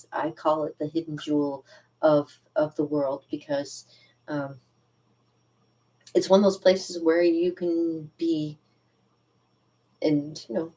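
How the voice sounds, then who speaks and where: A woman's voice: low-pitched, dark tone, far from the mic, poor audio. A Canadian woman hosting a cartooning channel, chatting to viewers in a rambling, sidetracked way and laughing often. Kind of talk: casual chat to viewers.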